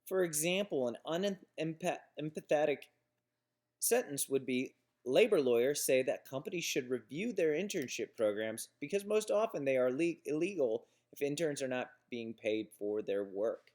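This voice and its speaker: A man giving a recorded lecture on business writing. His voice sits at an ordinary middle pitch. He talks through examples plainly, stumbling and restarting now and then. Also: animated, normal speed, a little mellow. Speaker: instructor.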